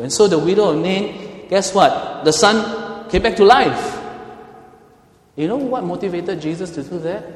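Male pastor preaching, goes loud then hushed, fairly high voice, big echoey church hall. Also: moderate pace. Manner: dynamic, swings between loud emphatic and soft hushed delivery. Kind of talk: sermon. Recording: echoey hall with long reverb.

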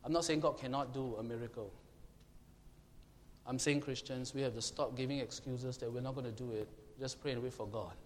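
A man preaching a sermon, emphatic and questioning his congregation, now and then shouting to make a point. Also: mid-range voice, steady tone, a little fast. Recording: long hall reverb, faint room noise.

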